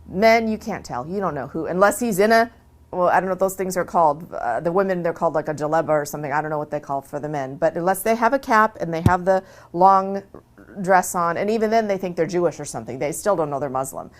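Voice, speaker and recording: A woman's voice: lowish voice, expressive, fast. Earnest woman telling her story. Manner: earnest, emphatic, repeats herself for stress. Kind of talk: casual interview talk.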